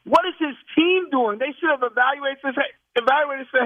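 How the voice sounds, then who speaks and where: A man's voice: very high voice, a little fast, no room sound, phone-quality sound. A man on a sports talk radio show, ranting in exasperation.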